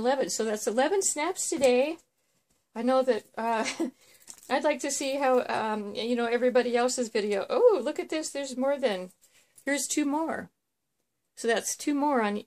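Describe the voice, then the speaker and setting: A woman's voice: on the high side, darkish tone. Chatty woman rambling through a story. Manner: rambling storyteller with many fillers. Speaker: vlog host. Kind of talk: casual chat.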